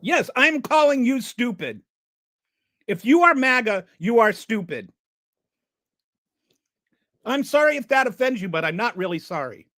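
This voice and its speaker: A fed-up channel host delivers sarcastic political commentary in a ranting style. The pitch swings widely, rising sharply in moments of exasperation. The recording is dry and close, with no room echo. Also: sing-song, a little slow, pauses often, fairly bright tone.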